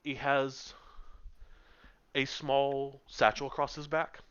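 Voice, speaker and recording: A man's voice: mid-range voice, little pitch movement, slow pace, a bit bright, clear, resonant tone. A man narrating a tabletop game as game master, describing scenes at length with frequent ums, over muffled voice-chat audio. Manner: descriptive, many filler ums.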